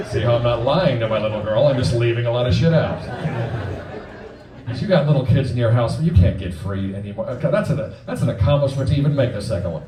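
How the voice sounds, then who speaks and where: A male stand-up comic in his forties performs a crude, punchy set on a comedy club stage before a live audience, acting out quick voices. His medium-pitched voice is expressive. He's heard from a distance in a roomy club, with a laughing crowd and background noise.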